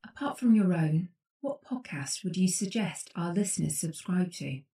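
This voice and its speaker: A woman's voice: on the low side, expressive, normal speed, dark tone. Distant woman asking set questions. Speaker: interviewer. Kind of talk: reading set interview questions. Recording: roomy, distant mic.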